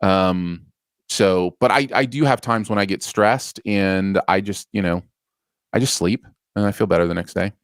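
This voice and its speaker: Easygoing man with a lowish voice. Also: moderate pace, no room sound, studio quality. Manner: relaxed, hesitant, thoughtful with restarts and sighs. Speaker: co-host. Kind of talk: casual live chat.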